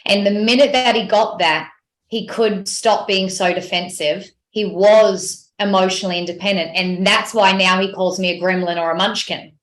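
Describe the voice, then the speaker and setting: A woman's voice: mid-range voice, normal speed. Woman guest coach in an echoey room. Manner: animated, expressive storytelling. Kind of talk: podcast interview. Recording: roomy echoey sound.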